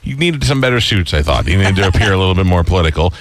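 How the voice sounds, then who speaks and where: A man's voice: low voice, lively intonation, very fast, no room sound. A man hosting talk radio, joking, teasing and rambling with his guest. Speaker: radio host.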